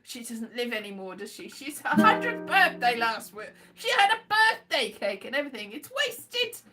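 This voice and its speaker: A woman's voice: on the high side, sing-song, moderate pace, bright, forceful tone, faint music behind. A woman vlogging in a rambling casual monologue, playful and silly, slipping into sing-song asides.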